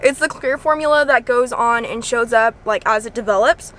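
A woman's voice: on the high side, normal speed, a bit bright. A young woman, chatting casually to camera in a bubbly, giggly way. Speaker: vlogger. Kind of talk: casual vlog chat.

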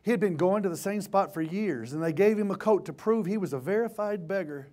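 Male pastor, high voice, fiery sermon style that drops to near-hushed asides. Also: fairly quick. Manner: impassioned preaching, swinging from shouts to hushed tones. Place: church.

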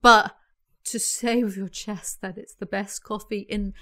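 A woman's voice: medium pitch, steady tone, unhurried, bright, forceful tone. A young English woman with a London accent, ranting sarcastically in casual commentary and swearing freely. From England. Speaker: commentary YouTuber.

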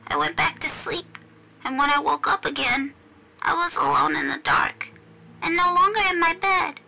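A woman voicing a frightened three-year-old ghost girl in a horror story, speaking slowly in a small childlike voice. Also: high-pitched, huge pitch swings, gravelly, a loud crowd, exaggerated voice, poor audio. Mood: scared.

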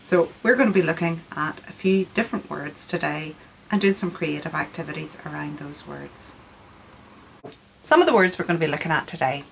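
A middle-aged woman from Scotland, her accent softened by Northern Ireland, leading a friendly art workshop video and explaining things with frequent ums. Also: sits low, a little fast, creaky, slight background noise, poor audio. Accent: Scottish with a Northern Irish lilt.

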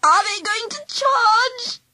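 A woman reading an audiobook, voicing a frightened, whiny schoolgirl in a high, quavering, shrieky voice. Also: slow pace, sharp tone, slight background noise, full character voice. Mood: terrified.

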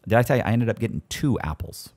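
A man's voice: mid-range voice, fast talker. Guy telling prison stories, voice jumps all over, does the voices of the people in them. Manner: animated, acts out quoted voices. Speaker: storyteller guest. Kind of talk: casual storytelling.

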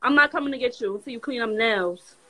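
A man's voice: very high voice, fast talker, pushed and bright, pitched above the performer's own voice, heavily acted, low-quality recording. A man putting on the voice of a sassy, bossy young woman, teasing and scolding during livestream banter.

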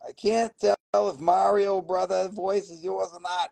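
Middle-aged male live-stream seller, raspy fry in the voice, rambling and foul-mouthed. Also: high voice, flat delivery, a little slow, darkish tone, no room sound, low-quality recording. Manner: rambling and profane, swearing often. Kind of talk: casual live sales stream.

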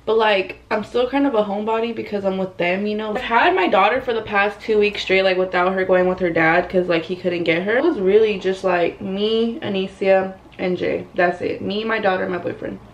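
Talking fairly quickly with hardly any pauses, a young woman beauty vlogger does a casual get-ready-with-me chat as a camera films her makeup routine in her bedroom. She is blunt and chatty, swears heavily, and overuses "like." Her voice is mid-range, and the audio is dull.

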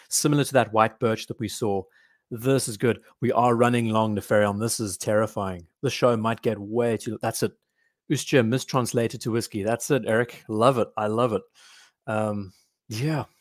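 A man's voice: on the low side, no room sound, clean studio sound. Chatty man hosting a live stream. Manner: rambling, reads viewer comments aloud. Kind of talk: casual live stream chat.

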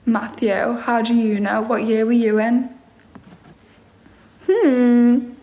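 Slow-talking woman teasing her live chat. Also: on the high side, fairly even intonation, warm tone, lo-fi sound. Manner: teasing, sarcastic replies to chat, laughs often. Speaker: live streamer reading comments. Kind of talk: casual live-stream chat.

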